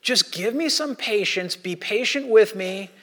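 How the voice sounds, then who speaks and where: A man's voice: high voice, expressive, measured pace, fairly bright tone. A man voicing an anxious servant in debt who begs for more time, speaking earnestly. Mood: pleading. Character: pleading indebted male servant, anxious.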